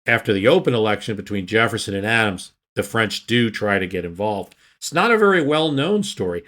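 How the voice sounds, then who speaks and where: Male podcast guest, lowish voice, easy rambling history talk that often restarts its sentences. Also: lively intonation, fairly quick, fairly bright tone. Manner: rambling, self-correcting explainer. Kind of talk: casual history discussion.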